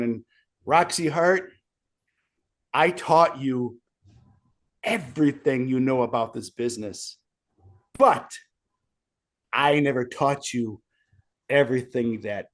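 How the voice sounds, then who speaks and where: A man's voice: medium pitch, slow, pauses often. A young man, a wrestler with sore ribs, rambling and self-pitying in a casual interview. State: sore ribs, wincing in pain.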